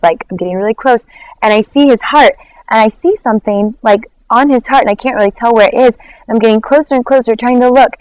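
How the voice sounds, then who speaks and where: A worship leader tells a personal testimony in an interview, animated and acting out quoted dialogue, with lots of "like" fillers. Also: female voice, mid-range voice, smooth, dry recording, rough recording. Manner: frequent "like" fillers.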